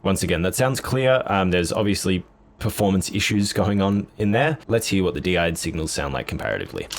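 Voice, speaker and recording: A man's voice: low-pitched, sing-song, brisk, vocal fry. A man casually demoing and comparing guitar gear, blunt and offhand in his comments. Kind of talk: casual gear demo talk.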